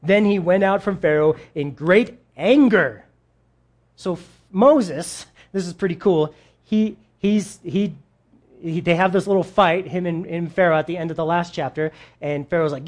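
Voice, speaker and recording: A man preaching a sermon in a casual, conversational way, acting out quoted voices with big jumps in pitch and talking straight to his audience. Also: moderate pace. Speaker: pastor.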